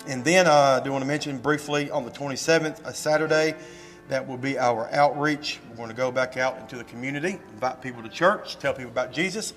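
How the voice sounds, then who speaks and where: A man, a pastor giving church announcements and telling a story in a folksy, animated way with emphatic rises, fighting a slight cough. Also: mid-range voice, fast, faint music behind. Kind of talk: church announcements and sermon talk. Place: church sanctuary.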